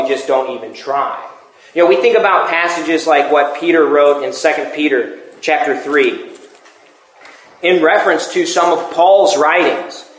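A man's voice: mid-range voice, a bit bright, reverberant, poor audio. A man preaching a sermon in a conversational teaching manner, with asides and restarts.

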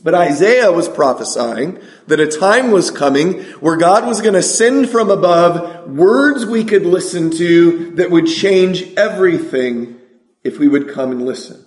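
Middle-aged male preacher, lively sermon delivery, high-pitched, reverberant sanctuary sound. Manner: energetic preaching, asks the congregation questions.

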